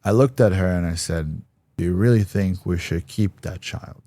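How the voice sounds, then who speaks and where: A man's voice: low-pitched, moderate pace, dark tone, no echo. A man giving an interview, telling a personal story bluntly and acting out the voices of people he quotes. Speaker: interview guest.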